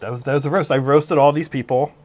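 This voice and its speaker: A man co-hosting a casual hobby chat, laughing often and restarting sentences, who reads out a mock-dramatic roast story at a slow, suspenseful pace. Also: medium pitch, steady tone. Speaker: co-host.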